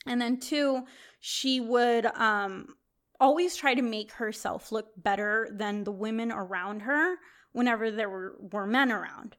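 A young woman co-hosting a chat, telling a story in a lively way, swearing freely and laughing often. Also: fairly high pitch, measured pace.

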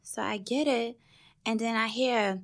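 Brash New York woman co-host, gravelly voice with fry, profane storyteller. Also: a little high, steady tone, measured pace. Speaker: podcast co-host. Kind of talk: casual chat, storytelling.

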